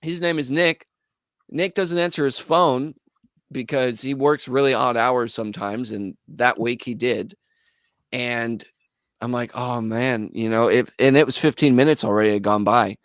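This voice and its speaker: A man, a guest musician, telling a story in a casual, animated way and acting out the people in it. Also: mid-range voice, a little slow, smooth, no room sound, clean studio sound. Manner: animated, acts out quoted voices. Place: podcast studio.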